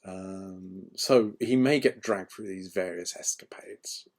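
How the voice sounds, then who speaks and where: A man's voice: low-pitched, slow pace, a little mellow. A man, an author, chatting casually and rambling with frequent ums and restarts. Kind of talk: casual chat.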